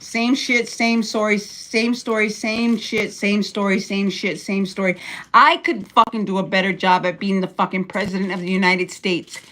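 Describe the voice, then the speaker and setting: A woman's voice: medium pitch, fairly even intonation, normal speed, fairly bright tone. An older woman hosting a casual livestream from her room at home, blunt and profane as she rants. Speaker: livestream host.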